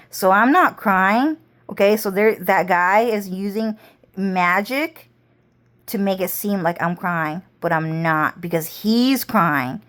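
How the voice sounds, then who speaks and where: A woman with a mid-range, slightly bright voice drifts through a slow, unhurried monologue, wandering from one thought to the next. Her casual rambling is laced with heavy swearing and long, drawn-out phrases.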